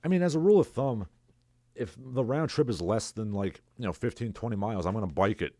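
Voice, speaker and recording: This livestream host has a mellow, lowish voice that's expressive and a little quick, captured with studio quality and no room sound. Alone on his stream, he rambles sarcastically and reads chat messages from his viewers.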